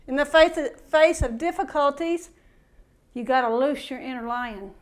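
A woman giving an informal recorded sermon, impassioned and building from quiet reflection to fervent exhortation. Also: high-pitched, normal speed. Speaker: preacher.

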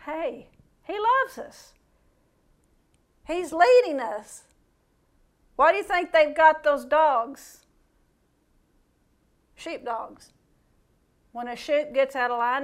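High-voiced woman preaching casually. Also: slow pace, long pauses. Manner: conversational, animated, playful asides and mimicked voices. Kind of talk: informal sermon.

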